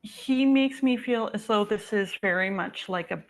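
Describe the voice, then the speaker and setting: A woman working as a psychic medium, talking through a reading over a video call in a halting way, full of "um" and "like". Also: medium pitch.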